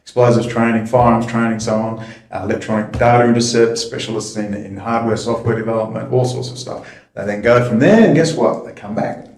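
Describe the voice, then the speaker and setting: A man's voice: medium pitch, steady tone, brisk, darkish tone. Profane ranting man. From Australia. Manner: profane, heated, sarcastic. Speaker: political commentator. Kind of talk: ranting monologue.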